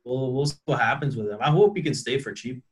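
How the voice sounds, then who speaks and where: A man's voice: medium pitch, quick pace. A man guesting on a casual podcast over a video call, talking in a rambling way, repeating himself and laughing easily. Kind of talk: casual chat. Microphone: cheap headphones on a video call.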